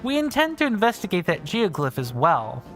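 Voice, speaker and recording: A man's voice: high-pitched, wildly swooping pitch, normal speed, a bit bright, faint music behind, exaggerated voice. A man reading aloud a polite, formal researcher from a video game, in a stiff and courteous manner.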